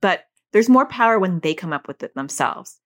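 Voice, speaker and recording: A middle-aged woman, a mother and parent educator, explaining casually and acting out quoted lines in a higher voice. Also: expressive, normal speed. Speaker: parent educator teaching about OCD.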